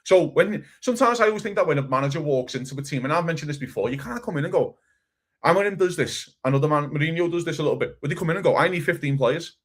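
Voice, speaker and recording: A man co-hosting a casual football chat, animated and swearing, acting out other people's quotes. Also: a little high, rapid-fire. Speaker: podcast co-host.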